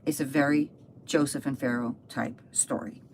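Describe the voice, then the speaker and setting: Woman Bible teacher, low voice, animated storytelling, chatty asides, live stream. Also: normal speed, a little hiss or hum.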